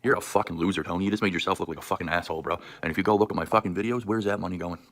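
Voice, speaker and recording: Deep fast-ranting husky man. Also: fairly even intonation, fairly bright tone. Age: 30s. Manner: furious, profane, insulting. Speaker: livestreamer. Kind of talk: angry livestream rant.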